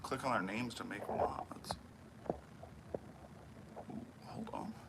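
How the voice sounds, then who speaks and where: A man's voice: fairly low pitch, slow pace, creaky. Laid-back, foul-mouthed man streaming from his shop. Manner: profane, laid-back, mumbles while working. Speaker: knifemaker livestreaming from his shop. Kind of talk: casual livestream chat with viewers. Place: home workshop. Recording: noisy workshop livestream audio.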